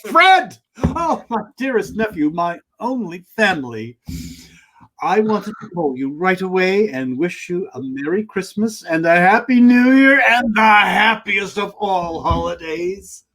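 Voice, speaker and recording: A man acting out an old miser freshly reformed and overflowing with emotion, stammering and giggling through his words. His voice rides high and swoops widely, and he takes his time over every line. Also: lively intonation, measured pace, a bit bright, rough recording. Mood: heartfelt. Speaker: actor. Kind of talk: comic holiday stage play.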